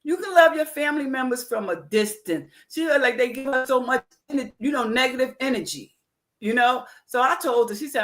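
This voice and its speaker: Woman host, casual and rambling, chatting with restarts and warm affirmations. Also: sits high, fairly quick. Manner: loose, rambling speech with restarts and frequent affirmations. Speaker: podcast host. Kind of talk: casual chat.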